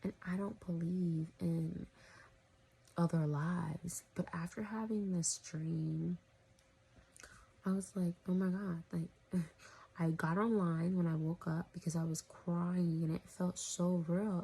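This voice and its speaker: A woman's voice: lowish voice, fairly even intonation, unhurried, gravelly, mellow, breathy edge. A woman vlogger telling a story in casual talk to camera, rambling with lots of fillers and often dropping into a whisper. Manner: rambling, full of "you know" and "like", often drops to a whisper.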